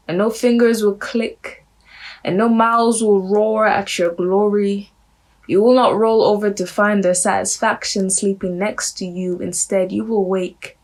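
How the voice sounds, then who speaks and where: A woman performing a spoken word poem in a measured, reflective recitation. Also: mid-range voice, a little mellow, low-quality recording.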